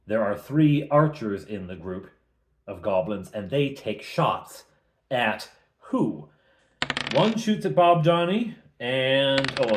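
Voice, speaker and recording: A middle-aged man recapping a tabletop game as its game master, telling it in an animated way with chuckles. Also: mid-range voice. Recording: roomy echo.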